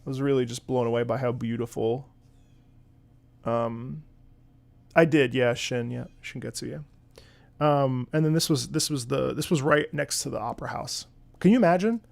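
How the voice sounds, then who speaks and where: Gravelly man telling a rambling story. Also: mid-range voice, moderate pace, pauses often, dry recording. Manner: rambling, profane storytelling with many fillers. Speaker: streamer and opera singer. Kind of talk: casual chat to a live audience.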